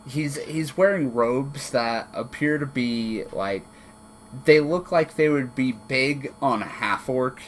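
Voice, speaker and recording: Slow, unhurried male game master. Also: medium pitch, slight background noise. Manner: relaxed, many fillers and restarts. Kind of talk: narrating a tabletop game over an online call.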